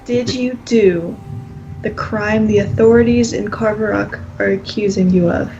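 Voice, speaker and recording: A woman playing a tabletop game, asking careful, deliberate questions. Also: mid-range voice, steady tone, creaky, warm tone, lo-fi sound, slight background noise. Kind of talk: casual play over a call.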